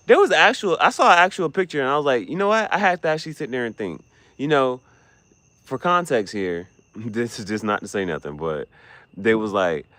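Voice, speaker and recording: A man giving casual, joking livestream commentary, profane and quick to laugh. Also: mid-range voice, pushed and bright, no echo. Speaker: streamer.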